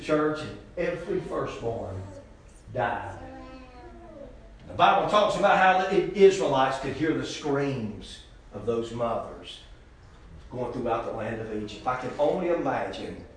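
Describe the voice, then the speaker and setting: A man preaching a folksy, impassioned sermon, swinging from loud exhortation to hushed intensity. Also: medium pitch, lively intonation, measured pace. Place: church sanctuary. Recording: very echoey church hall.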